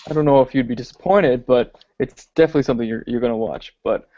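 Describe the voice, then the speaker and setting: A man's voice: mid-range voice, fast talker, no room sound. Hesitant man musing on movies. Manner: hesitant, lots of ums, thinking aloud. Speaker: podcast co-host. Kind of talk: casual film discussion chat. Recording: dry, dull lo-fi podcast audio.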